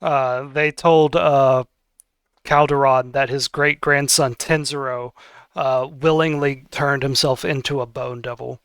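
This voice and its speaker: A man's voice: medium pitch, fairly even intonation, a little slow, a bit bright, smooth, no echo. A man narrating a tabletop game as game master, hesitant and with many fillers.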